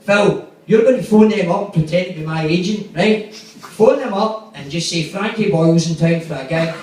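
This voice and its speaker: A man's voice: high-pitched, normal speed, a little mellow, heavy reverb, far from the mic, a little hiss or hum, low-quality recording. A man with a Glaswegian accent doing stand-up, telling profane, rambling stories and acting out the quotes. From Glasgow, Scotland. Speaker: stand-up comedian. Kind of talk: stand-up storytelling. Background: audience laughter.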